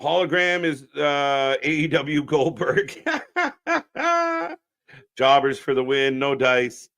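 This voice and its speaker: A man's voice: mid-range voice, fairly even intonation, unhurried, fairly bright tone. A man hosting a live wrestling watch-along stream, riffing bluntly and sarcastically with lots of swearing while talking to the chat. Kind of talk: unscripted live alternative commentary.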